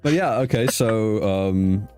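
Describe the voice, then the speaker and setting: A man's voice: lowish voice, lively intonation, a little slow, dark tone, faint music behind. Man, talk-show host, casual, laughs a lot, swears, stumbles and restarts. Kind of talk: casual interview chat.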